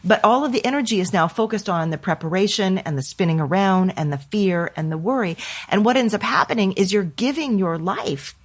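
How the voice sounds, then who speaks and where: A woman hosting a reflective conversation, calmly coaching and acting out worried self-talk. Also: mid-range voice, brisk, hardly any pauses, slightly rough. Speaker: podcast host and teacher.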